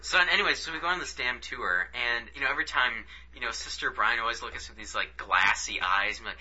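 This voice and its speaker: A man casually telling a story as a podcast co-host, animated and profane. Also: medium pitch, quick pace, hardly any pauses. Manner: animated, profane, acts out quotes. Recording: dull lo-fi recording.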